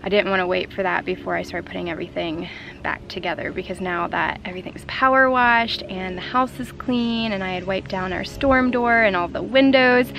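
A woman's voice: medium pitch, gravelly. A woman vlogger chatting casually and rambling to a handheld camera outdoors in her yard. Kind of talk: casual vlog talk to camera.

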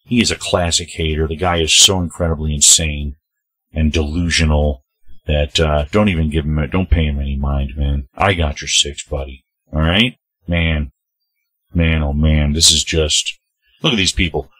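A man's voice: rumbling low, animated, normal speed, sharp tone, husky, no room sound. A man hosting his own opinion vlog. He reads social media posts aloud and answers them in a heated, preachy way, speaking straight to the people he names. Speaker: channel host.

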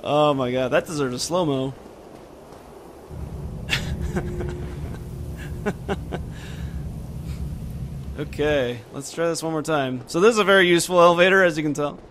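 A man's voice: a little high, fast, few pauses. A young man commenting on his own gameplay, talking to himself and swearing often when frustrated. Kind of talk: let's play commentary. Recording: steady noise behind the voice.

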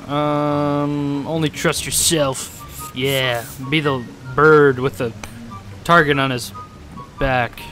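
A man's voice: on the high side, bright, forceful tone. A young man giving casual, sarcastic let's-play commentary, joking and swearing freely as he plays. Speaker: gaming YouTuber.

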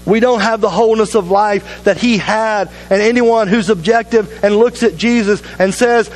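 A man's voice: high-pitched, fairly even intonation, moderate pace, hardly any pauses, poor audio. A man pastor preaching a sermon in a church, earnest and urging, with repeated appeals to the congregation. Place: church sanctuary.

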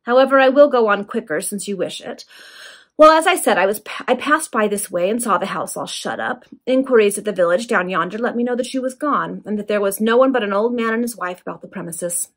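A woman reading a calm, mocking male villain. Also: mid-range voice, fairly quick, lightly acted. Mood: boastful. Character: cool, menacing male villain, a thief. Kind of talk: reading a novel aloud.

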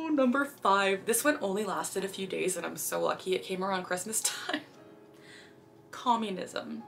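A woman's voice: mid-range voice, fairly quick, vocal fry, few pauses, fairly bright tone, faint music behind. A young woman from Canada talking casually to camera in a vlog, chatty, with sudden phrases blurted out between sentences. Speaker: vlogger.

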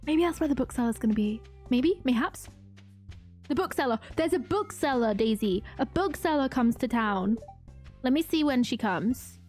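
A woman's voice: a little high, lively intonation, moderate pace, a little mellow, faint music behind. A young woman streaming a farming game, gushing and self-mocking as she chats to her viewers. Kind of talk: excitable live-stream commentary.

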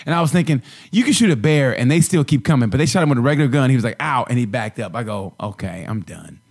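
A man's voice: medium pitch, animated, racing, darkish tone, breathy edge. Man, comedy podcast co-host, rambling tall tales, stammers and restarts, mid-range voice. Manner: rambling storyteller who acts out voices in quotes. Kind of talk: casual comedic chat.

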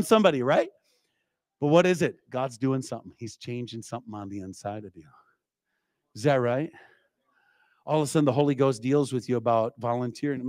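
A man's voice: mid-range voice, no room sound. A man preaching a revival sermon, telling a story with frequent call-outs to the congregation. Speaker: evangelist preacher. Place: church.

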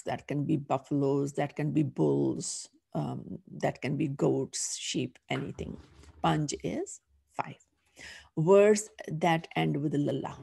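A woman's voice: low-pitched, vocal fry, mellow, husky. A middle-aged woman teaching a language class, patiently sounding out each letter before saying the whole word. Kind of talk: slow, patient phonics lesson.

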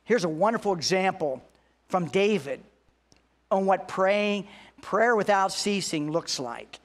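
A pastor preaching a sermon, earnest, slowing down and lifting his voice to stress key points. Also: high voice, animated. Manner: earnest preaching, slows and rises for emphasis.

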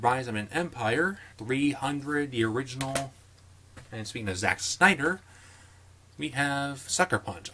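Young male vlogger, bright and punchy, casual and joking, faint background hiss. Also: mid-range voice. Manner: chatty, jokey asides and quick opinions. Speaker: collector showing his movie collection. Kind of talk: casual vlog commentary.

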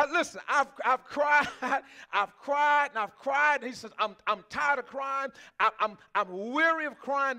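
A Texan pastor with a very high, bright, forceful voice preaches a sermon. He keeps it conversational, tossing questions to the congregation and laughing often.

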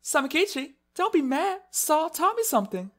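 A man's voice: very high voice, very animated, moderate pace, fairly bright tone, voice pushed up, heavily acted. A man doing eerie sweet girl, Southern drawl. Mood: eerily sweet. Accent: put-on American Southern. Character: gentle young sea-witch girl turned eerily cheerful. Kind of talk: let's-play voice acting.

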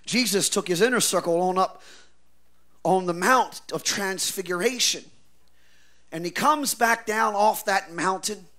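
A man preaching a revival sermon, swinging from quiet asides to shouted declarations, with a folksy preacher's cadence. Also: high-pitched, a little slow. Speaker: pastor.

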